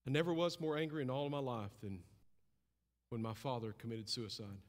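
Male preacher, impassioned sermon, highly animated pitch; church hall with long reverb. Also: brisk. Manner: impassioned, swings from loud and high to low and hushed.

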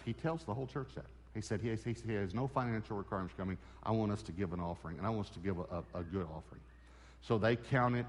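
A man's voice: on the low side, long reverb tail. A man preaching a sermon, telling a personal story and acting out the conversations in it. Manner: storytelling, acts out dialogue with God. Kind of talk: sermon testimony.

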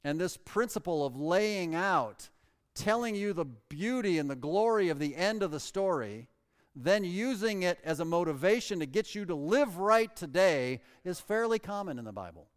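A pastor preaching a sermon, emphatic and swinging between loud and soft, reading scripture aloud in old-fashioned wording. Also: male voice, high-pitched, lively intonation, moderate pace, smooth. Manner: reads scripture aloud in King James wording. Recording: long reverb of a large hall.

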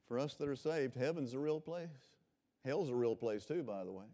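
A man from Florida preaching a revival sermon, swinging between loud impassioned calls and quiet personal storytelling. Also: mid-range voice, lively intonation, normal speed. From Florida, USA.

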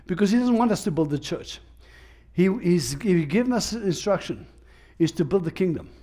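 Emphatic preacher man, slightly high voice. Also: animated, moderate pace, mellow. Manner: emphatic, repetitive preaching with restarts. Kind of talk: sermon.

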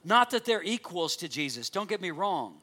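A man preaching with a high, bright, forceful voice. He delivers an earnest sermon, reading scripture aloud and explaining it. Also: very animated, moderate pace. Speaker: pastor.

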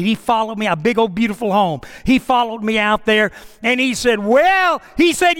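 Middle-aged male pastor, high voice, sermon delivery with dramatic rises and hushed drops, long church-hall reverb. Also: clear, resonant tone. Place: church sanctuary.

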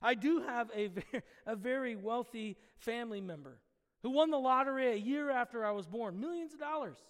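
A man preaching a sermon as pastor, conversational with sudden loud bursts of emphasis. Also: very high voice, moderate pace. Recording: long hall reverb.

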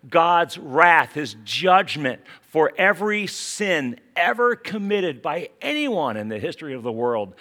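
A man with a West Virginia accent preaching a sermon, dropping to quiet asides and then rising to urgent, emphatic calls. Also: on the high side. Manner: dramatic swings from hushed asides to urgent exclamations. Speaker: pastor.

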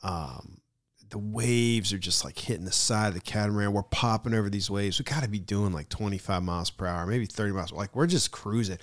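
A middle-aged man hosting his podcast, telling a vacation story in a casual, excited way and calling the listener "dude" a lot. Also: fairly low pitch, a little fast, no room sound, studio quality. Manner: excited, slangy, keeps saying "dude". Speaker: podcast host.

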